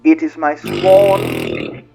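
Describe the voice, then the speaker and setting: A man's voice: extremely low pitch, huge pitch swings, very slow, vocal fry, music in the background, voice pushed down, exaggerated voice. A man voicing a pompous, menacing male rat lord broadcasting a decree over tinny, muffled speaker pipes.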